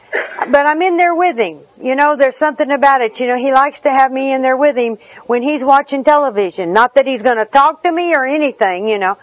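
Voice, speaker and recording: A woman's voice: on the high side, no room sound, rough recording. A middle-aged woman, giving a personal recovery talk in a humorous, chatty storytelling manner with asides. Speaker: recovery meeting speaker.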